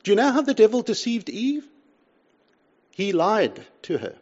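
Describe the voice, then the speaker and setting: An older man preaching a sermon, swinging between loud pleas and hushed asides. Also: high voice, sing-song, measured pace, lo-fi sound. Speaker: pastor.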